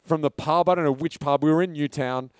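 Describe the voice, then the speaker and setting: A man's voice: a little high, steady tone, a little fast, clear, resonant tone, dry recording, clean studio sound. A man, a film director telling a loose, chatty anecdote at a live talk in a pub. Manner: casual storytelling, loose and chatty. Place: pub function room.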